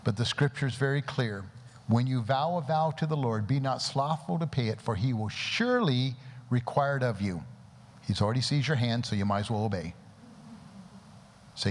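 A man preaches to a congregation at a mid-pitched, ordinary register, praying aloud and pressing the room with rhetorical questions. His voice rings out into a long hall reverb. A faint background hum sits under it. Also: expressive, normal speed. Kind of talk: sermon. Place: church service before a congregation.

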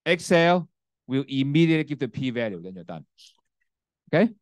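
A man's voice: mid-range voice, big pitch swings, moderate pace, no room sound. Man lecturing, peppered with "okay?". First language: Cantonese. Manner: frequent "okay?" and "right?" checks, restarts. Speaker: university lecturer. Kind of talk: classroom lecture with software demo. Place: university classroom. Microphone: handheld mic, sometimes set down.

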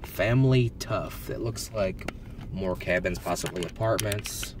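A man's voice: sits low, unhurried, noisy background. A man vlogging casually while driving, reading signs aloud and marveling at what he sees. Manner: excitable, reads signs aloud, wondering. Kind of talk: casual driving vlog narration. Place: in a car driving through a village.

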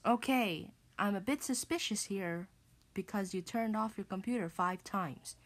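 A woman's voice: medium pitch, moderate pace, a little hiss or hum. A woman reading a scripted computer error announcement, repeating stern warnings over and over.

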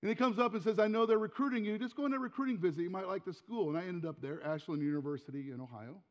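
A man in his forties preaching a sermon as pastor, telling a story and moving between hushed asides and forceful appeals. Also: sits high, very fast, long reverb tail, highs cut off. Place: church sanctuary.

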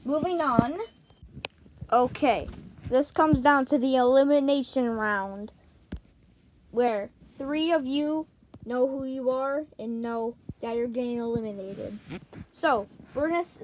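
A high-pitched woman plays host of a pretend toy game show, slow and deliberate in her announcements. She is excitable and playful. A faint hiss sits behind her voice. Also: low-quality recording. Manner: excitable, jumps between characters' voices. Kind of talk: playful toy role-play narration.

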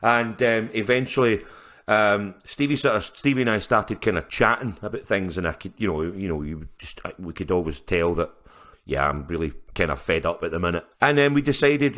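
A podcast's musician guest, a man with a lowish, fairly bright voice, talks fairly quickly in a chatty storytelling style. The casual interview is full of his laughs and restarts.

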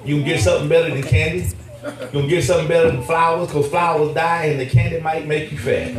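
A man's voice: a little high, little pitch movement, quick pace. A man preaching a sermon in an emphatic, folksy way, repeating phrases and drawing call-and-response from the congregation. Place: church. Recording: echoey church hall, voice from far off, music behind.

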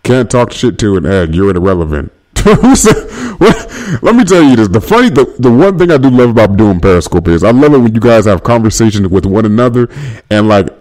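Brief: young adult male streamer from Northern California, striking voice, loose and jokey, rapid-fire shout-outs to his chat, phone mic. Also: fairly low pitch, very animated. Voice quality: voice that viewers single out as striking. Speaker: livestream host. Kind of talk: casual livestream chat reading comments aloud.

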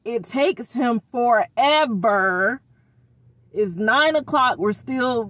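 Middle-aged woman vlogger, venting and slangy, slow delivery, dry close sound. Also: a little high, dry recording. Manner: exasperated, venting about her kids; expressive, uses informal slang. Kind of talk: casual vlog rant.

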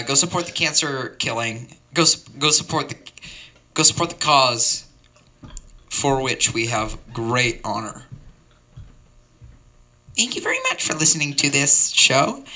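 A man with an expressive, medium-pitched voice, bright and forceful in tone, takes his time and leaves long pauses. He offers an improvised comic monologue, a rambling and absurd open-mic story told in mock-earnest tones and drifting across tangents. He wraps up with a faltering, filler-laden sign-off.

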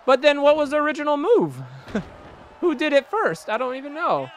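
A young man hosting a gaming video, giving excitable, jokey let's-play commentary and laughing often. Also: very high voice, normal speed, slight background noise. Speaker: gaming channel host.

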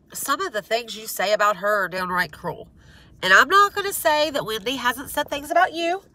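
A woman's voice: a little high, sharp tone. Congested woman venting in a rambling rant. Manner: rambling, frank, many fillers and restarts; exasperated, pleading. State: stuffed up, congested. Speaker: vlogger. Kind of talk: casual rant to camera.

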